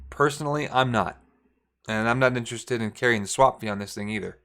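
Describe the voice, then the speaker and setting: A man at a middle pitch leads a casual chart walkthrough for his viewers. He thinks aloud, corrects himself mid-sentence and speaks to the audience directly in a relaxed coaching tone. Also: brisk. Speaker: forex trading coach.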